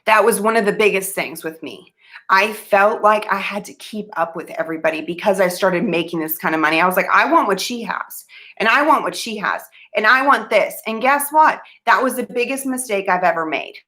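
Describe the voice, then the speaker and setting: Earnest woman with a bright drawl. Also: mid-range voice, lively intonation, a little fast. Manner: earnest and emphatic, loses her train of thought. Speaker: vlogger giving money advice. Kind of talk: casual talk to camera.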